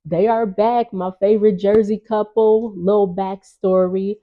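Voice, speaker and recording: A woman's voice: medium pitch, fairly even intonation, unhurried, narrow, tinny audio. A woman vlogger recapping a reality show in a chatty, gossipy way, with laughing asides. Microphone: on-camera.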